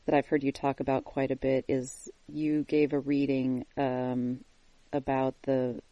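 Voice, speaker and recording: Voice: medium pitch, completely flat delivery, measured pace, dark tone, no echo, muffled recording. An interviewer asking a long, searching question full of restarts.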